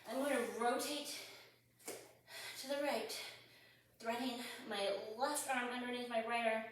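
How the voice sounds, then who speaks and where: A woman's voice: fairly high pitch, steady tone, unhurried, slight background noise. A woman leading a pilates mat class, calling out breath cues and movements while exercising, out of breath and upbeat. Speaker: pilates instructor. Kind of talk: guided workout instruction. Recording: echoey room, distant mic.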